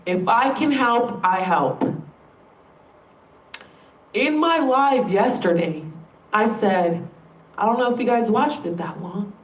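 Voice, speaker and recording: A woman vlogger vents to her audience, emphatic and exasperated, cursing without holding back. Her voice sits a little high and carries the roomy echo of a space with the mic set some way off. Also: lively intonation, takes it slowly, pauses often. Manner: frustrated, emphatic, swears freely. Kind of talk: direct-to-camera rant. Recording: roomy sound, distant from the mic.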